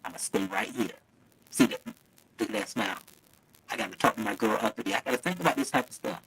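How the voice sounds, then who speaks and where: A man with a lowish, slightly bright voice and a breathy edge talks quickly in a rough recording. As a livestream host he addresses viewers directly through his phone mic, which is too close at first, sounding chatty, affectionate, and full of laughter.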